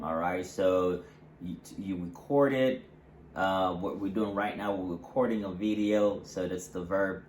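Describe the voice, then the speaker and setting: A man with a very deep voice explains English pronunciation in a relaxed, casual way, stopping often for fillers and examples. The room sounds echoey, with faint noise underneath. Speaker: English teacher, co-host. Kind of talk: casual teaching.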